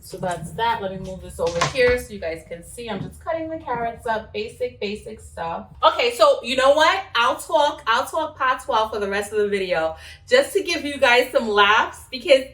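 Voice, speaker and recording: A young cooking vlogger with a fairly high, slightly bright voice and lively intonation chats casually at a moderate pace while cooking in her home kitchen. She's playful and laughs at herself. The sound is roomy, picked up from a distance.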